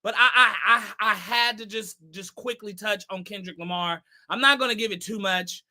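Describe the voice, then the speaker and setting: A woman's voice: mid-range voice, moderate pace, pushed and bright. A woman from the Bay Area hosting her own show, giving casual commentary in a chatty way with repeated words and emphatic asides. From San Francisco Bay Area. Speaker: talk show host.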